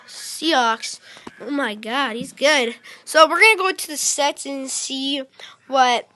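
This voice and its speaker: Female gaming host, high and bright, unhurried, excitable, calls out to viewers. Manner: excitable, keeps calling out to viewers. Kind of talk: casual game commentary.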